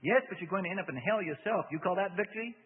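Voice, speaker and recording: A man's voice: sits high, expressive, quick pace, breathy edge, voice pushed up, exaggerated voice. A man playing a stern male exorcist who questions sharply. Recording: tinny radio broadcast with long hall reverb.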